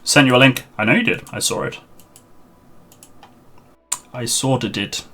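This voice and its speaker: A man chats through a live game stream on a headset mic, his voice bright and forceful. He mutters along to himself as he fiddles with the setup, half to the viewers and half to the screen. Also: medium pitch, a little slow. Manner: chatty, muttering to himself while sorting out a server.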